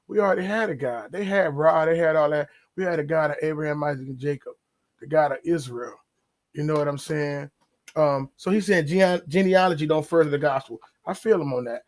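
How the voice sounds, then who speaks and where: A man holds forth on a podcast in a voice pitched a touch higher than most men. He talks loosely and conversationally, slowing down to drag out key words and slipping into quick acted-out asides. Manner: animated, drawn-out emphasis and acted-out asides. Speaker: podcast host. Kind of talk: casual religious commentary.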